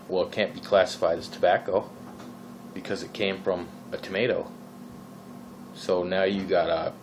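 This casual vaping vlog rant comes from a Minnesota man with a low voice and a Minnesotan accent, rambling with plenty of fillers and exasperated questions. There's slight background noise and the audio is poor.

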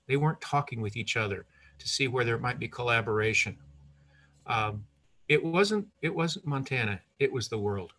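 An older man telling a personal story to an audience, lively, with asides and self-corrections. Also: mid-range voice.

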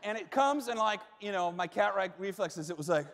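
Male pastor, high voice, animated storyteller, reverberant church hall. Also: fairly quick, gravelly. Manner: animated storyteller, acts out shouts and quotes. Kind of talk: sermon with personal story. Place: church auditorium. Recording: long reverb of a large hall.

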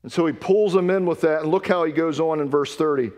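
A man's voice: on the high side, quick pace, darkish tone, big-room sound. A man preaching a sermon with earnest emphasis, reading scripture aloud. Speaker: pastor. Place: church sanctuary.

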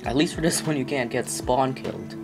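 A man doing let's play commentary, reacting loudly with yelps and groans whenever the game catches him out. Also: mid-range voice, expressive, fairly quick, vocal fry, over loud music. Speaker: gamer.

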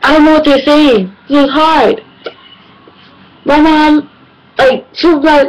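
A woman's voice: high voice, slow, long pauses, a little hiss or hum, low-quality recording. A young woman, telling exasperated comedic stories in a casual, slangy vlog monologue. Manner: animated, exasperated, slangy storytelling. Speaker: vlogger.

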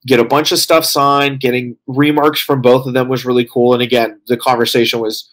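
A man's voice: medium pitch, flat delivery, fairly quick, a bit bright. Tired, rambling man chatting casually. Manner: rambling, full of fillers and "like". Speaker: co-host reporting from a convention. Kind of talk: casual podcast chat.

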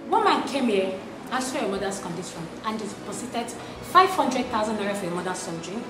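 An actress with a Nigerian accent playing a hospital nurse who keeps pleading for calm and reassures a relative. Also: female voice, medium pitch, brisk, echoey room, noisy background, natural voice. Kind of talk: Nollywood film acting.

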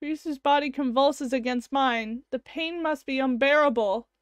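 A woman's voice: high voice, normal speed, no room sound, close to an everyday voice. A woman voicing a guilt-stricken young male scientist, narrating with anguish as she reads a visual novel aloud. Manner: anguished first-person narration.

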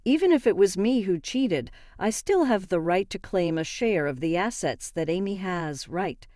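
A woman's voice: lowish voice, expressive, normal speed, warm tone, dry recording, clean studio sound, lightly acted. A woman voicing a bitter, blustering husband caught cheating, reading him in a story. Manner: blustering, defensive.

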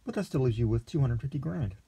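A man voicing a greedy, smooth-talking male lawyer who speaks patiently and condescendingly. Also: mid-range voice, expressive, quick pace, mellow, full character voice. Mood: scheming.

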